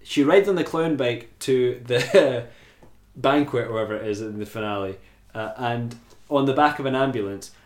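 A man's voice: mid-range voice, moderate pace. A man hosting a podcast, rambling casually and swearing freely as he talks through a film. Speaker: podcast host. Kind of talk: casual film review chat. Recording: roomy echo.

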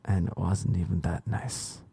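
A man's voice: steady tone, unhurried, gravelly, mellow, husky, no room sound. An Irish man hosting a podcast alone, rambling through a comedic monologue full of swearing and self-mockery. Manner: rambling, profane, self-mocking, with sudden jumps in pitch. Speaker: podcast host. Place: Los Angeles.

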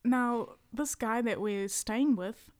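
A woman on a podcast telling an animated story, acting out the people in it. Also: a little high, takes it slowly. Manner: animated storyteller, acts out voices in quotes. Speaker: podcast guest, musician. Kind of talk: casual chat, storytelling.

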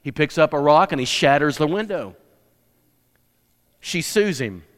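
Unhurried and animated, this pastor's voice sits on the high side with some brightness. His storytelling sermon rises to emphatic declarations, and a large hall's long reverb surrounds him.

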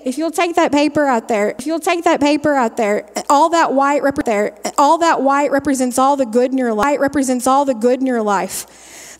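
Lady giving a homey little devotional in a church hall, kinda high voice, repeats stuff, lots of echo tail. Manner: folksy, repeats phrases as she goes. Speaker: lay speaker giving a devotional. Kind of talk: homespun devotional talk. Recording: long reverb of a large hall.

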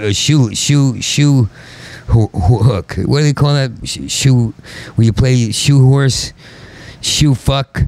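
A man, a stand-up comedian, in a profane rambling rant, stuttering and repeating syllables and swinging into angry shouting. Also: medium pitch, gravelly.

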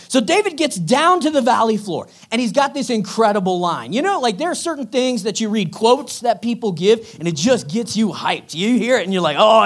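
A man preaching in a lively storytelling way, energetic and slangy. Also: very high-pitched.

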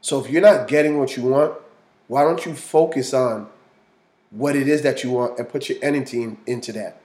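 Relaxed man hosting a podcast, roomy echo. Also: mid-range voice, normal speed. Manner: relaxed, conversational, talks straight to listeners. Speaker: podcast host. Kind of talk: casual solo podcast monologue.

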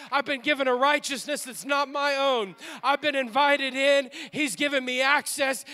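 A man's voice: very high-pitched, pushed and bright. A man preaching a sermon as pastor in a church, with an impassioned, repetitive preaching cadence. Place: church sanctuary.

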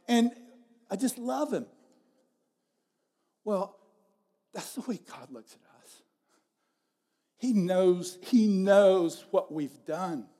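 High-voiced middle-aged pastor preaching. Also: male voice, slow pace, pauses often, warm tone. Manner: conversational storytelling with repeated phrases. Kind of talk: sermon.

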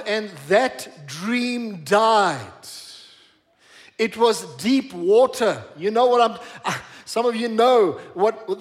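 In a church sermon, the high-voiced, middle-aged pastor leans on repetition for emphasis and draws out his key phrases slowly, keeping his delivery forceful.

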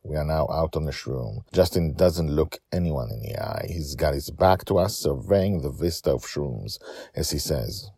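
A man's voice: very deep voice, lively intonation, normal speed, gravelly, warm tone, slightly rough, no echo, studio quality. A man hosting a story podcast, narrating steadily with casual asides.

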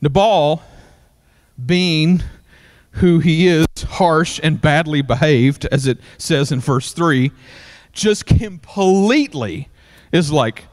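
Preacher, high voice, animated storytelling sermon. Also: male voice, slow. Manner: animated storytelling with many fillers. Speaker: pastor.

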